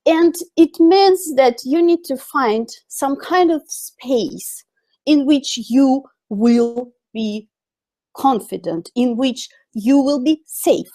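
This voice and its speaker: A woman's voice: high voice, slow, dark tone. A woman with a Russian accent teaching English communication in a webinar, chatty with frequent fillers. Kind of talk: webinar lesson.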